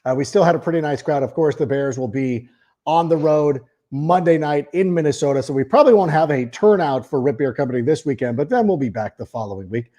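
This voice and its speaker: A man's voice: on the high side, brisk, warm tone. A man hosting a sports podcast, talking casually and at length, often repeating words as he starts a sentence. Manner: reads a sponsor ad in the middle. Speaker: podcast host. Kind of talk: casual sports talk monologue.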